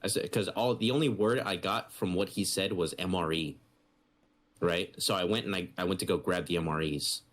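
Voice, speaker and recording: Low-voiced man telling a swearing story. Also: moderate pace. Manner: animated storyteller, swears freely, mimics others. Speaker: podcast co-host. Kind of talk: casual podcast chat.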